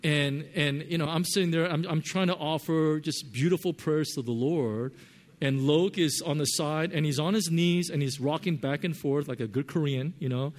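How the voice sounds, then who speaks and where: Man preaching, voice a bit high, storytelling big then going quiet and earnest. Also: moderate pace. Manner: animated storytelling, drops to soft earnest tones. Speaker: pastor. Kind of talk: sermon with personal story.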